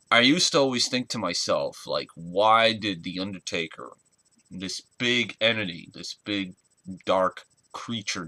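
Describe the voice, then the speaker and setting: Young male vlogger, earnest and halting, lowish voice, dry close sound. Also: pushed and bright, dry recording. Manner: earnest, halting, searching for words. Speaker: wrestling fan vlogger. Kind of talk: casual spoken tribute vlog.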